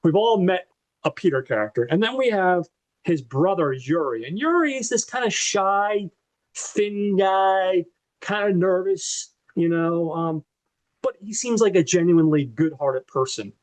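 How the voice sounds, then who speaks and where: A man's voice: sits high, animated, measured pace. A man co-hosting a podcast, animatedly retelling a movie plot in a casual, profane way with lots of fillers. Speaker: podcast co-host.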